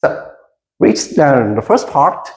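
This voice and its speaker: Unhurried English teacher, hesitant, sing-song intonation, roomy classroom sound. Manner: slow, deliberate, with frequent hesitations; lively pitch, leading the class in repetition. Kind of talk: classroom micro lesson. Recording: roomy echo.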